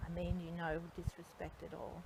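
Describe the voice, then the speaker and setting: A woman working as a psychic medium, gently asking a spirit question after question at a graveside in an outdoor cemetery. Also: fairly low pitch, completely flat delivery, normal speed, creaky. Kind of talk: spoken séance at a graveside. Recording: outdoor noise behind the voice.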